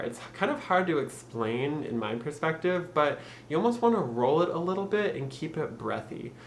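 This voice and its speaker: An upbeat young man with a Michigan accent talks through a casual pronunciation tutorial at a medium pitch. He laughs easily and slows right down when he demonstrates practice phrases. His voice bounces around an echoey room with a faint hum of noise behind it. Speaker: YouTube host teaching accents.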